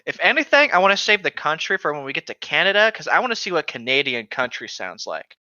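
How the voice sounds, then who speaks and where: Man doing sarcastic driver Taika, bright voice. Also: on the high side, sing-song, fast talker, no echo, full character voice. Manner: sarcastic, playful. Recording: dry, dull lo-fi mic.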